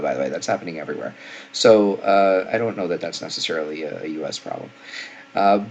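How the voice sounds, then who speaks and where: Snarky low-voiced male medic. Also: a little hiss or hum. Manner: snarky, opinionated, with frequent uh fillers. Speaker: paramedic and nurse commentator. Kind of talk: casual commentary.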